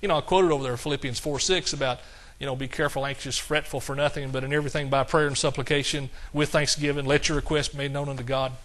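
A man preaching a sermon in a folksy way, slowing down to quote scripture in a measured cadence and chuckling at his own jokes. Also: mid-range voice, steady tone, a bit bright.

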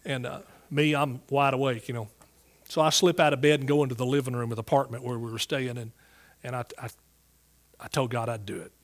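A man's voice: mid-range voice, fairly even intonation, fairly quick. Folksy Southern preacher man. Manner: folksy, earnest storytelling with restarts. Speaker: Bible teacher. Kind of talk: sermon testimony. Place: church service before a congregation.

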